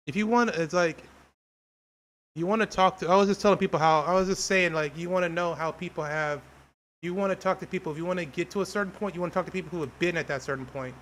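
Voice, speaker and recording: A man's voice: fairly high pitch, a bit bright. A man livestreaming while a game downloads, chatting casually, rambling and restarting his sentences, and greeting viewers in chat. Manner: rambling, repeats himself, restarts phrases.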